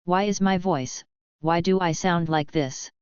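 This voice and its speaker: A woman reading the lines of a hot-headed young male gangster in a storybook audiobook, loud and demanding. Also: on the low side, measured pace, clear, resonant tone, no echo, highs cut off, lightly acted. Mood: panicked.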